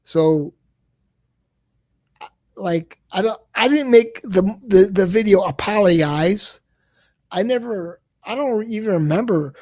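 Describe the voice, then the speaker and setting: A man's voice: sits high, expressive, slow pace, pauses often, a little mellow, no echo, clean studio sound. A man chatting casually on a late-night live stream, rambling and exasperated, often stammering and repeating his words. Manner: exasperated, keeps saying "come on, man".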